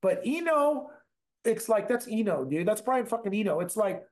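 A man with a high voice trades stories in a relaxed conversation. He talks in loose, animated bursts and swears freely as he rambles through his anecdotes. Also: normal speed. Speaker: musician guest, bass player. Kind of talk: casual storytelling chat.

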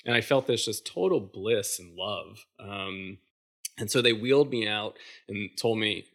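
A man in his thirties, a podcast guest telling a personal story casually, halting with many fillers and restarts. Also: on the low side, gravelly, pushed and bright.

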